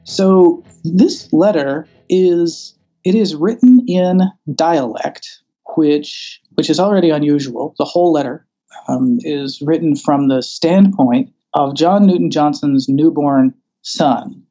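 A man's voice: fairly high pitch, measured pace, warm tone, lo-fi sound. A man from the American South, interviewed as a scholar, speaking in a wry, thoughtful way with many restarts and fillers. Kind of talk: conversational interview.

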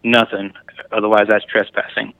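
A man appearing as a guest on a hunting podcast, talking in an easygoing, plain-spoken way with some halting restarts. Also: lowish voice, little pitch movement, vocal fry, smooth, no room sound, narrow, tinny audio. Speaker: podcast guest, duck hunter. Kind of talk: casual interview chat.

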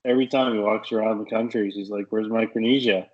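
A man's voice: on the low side, fairly even intonation, quick pace, darkish tone, muffled recording. A man co-hosting a podcast, wry and teasing in casual chat. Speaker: podcast co-host.

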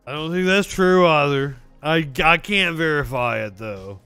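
A man with a bright, crisp, clear voice and a slightly raised pitch banters as co-host of a casual comedy talk show. He trips over his words and restarts, always poking fun at himself. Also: measured pace, no echo, faint music behind. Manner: self-deprecating, stammering restarts. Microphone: lighter held as a prop mic.

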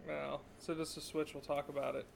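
Man with a raised, gravelly voice, laid-back podcast co-host, faint background noise. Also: a little high, level tone, fairly quick. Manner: short laid-back replies, teasing. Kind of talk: casual chat.

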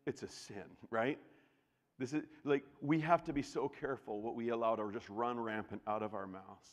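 A male pastor delivers a sermon in a large church, his voice of middling pitch ringing out with a long reverb tail. He talks in a chatty, conversational way with restarts and asides, then jumps from loud outbursts to hushed, almost whispered lines. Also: normal speed. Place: church sanctuary.

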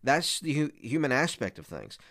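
A man's voice: mid-range voice, sing-song, moderate pace, a bit bright. A man who preaches, giving an earnest, conversational teaching talk to other preachers, often restarting and repeating words.

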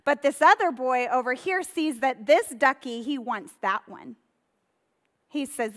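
A woman pastor preaches with a fairly high voice, telling Bible stories in a casual, conversational way. Her words trail off into the long reverb of a church hall. She brings the stories to life with animated retellings. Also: a little slow. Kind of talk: sermon.

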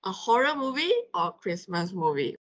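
A woman hosting a casual chat with a Malaysian English accent, playful and excitable. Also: on the low side, normal speed.

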